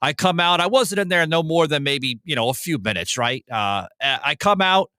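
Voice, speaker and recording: A man hosting a casual podcast, telling a story in a profane and animated way. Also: on the high side, moderate pace, no room sound. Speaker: host.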